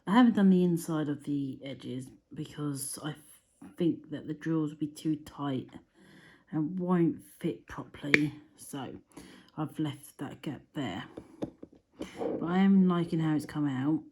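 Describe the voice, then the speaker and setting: A woman's voice: deep voice, unhurried, warm tone, slight background noise. A woman talking casually to camera about a crafting project, rambling with lots of fillers and restarts. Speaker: crafting vlogger.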